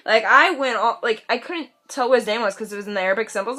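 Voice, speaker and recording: A woman's voice: on the high side, quick pace, bright, forceful tone. A teenage woman ranting in a casual vlog, chatty and sassy, full of "like" and playful mocking voices. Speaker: vlogger.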